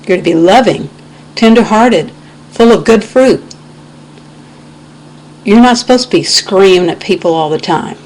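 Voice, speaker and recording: A woman's voice: mid-range voice, a little slow, pauses often, a little mellow, rough recording. An American woman giving an impassioned, indignant webcam rant, quoting scripture as she talks. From United States. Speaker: video blogger. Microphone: webcam microphone.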